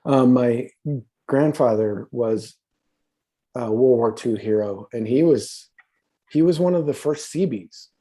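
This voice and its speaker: Slow-talking guy in his fifties, really deep mellow voice, rambly and swears a lot. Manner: rambling, profane, many fillers and restarts. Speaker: podcast guest. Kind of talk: casual conversational storytelling.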